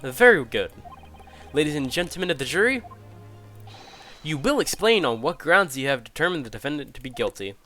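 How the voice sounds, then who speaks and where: A man's voice: fairly high pitch, big pitch swings, a little fast, pauses often, pushed and bright, faint music behind. A man voicing a formal older judge presiding over a court, with stately courtroom phrasing.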